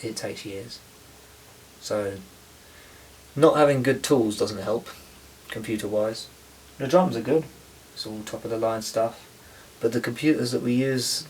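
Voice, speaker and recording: A man's voice: lowish voice, slight background noise, low-quality recording. A man filming a casual making-of video, talking in a rambling way that halts and restarts often. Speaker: musician filming a making-of documentary. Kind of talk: casual chat.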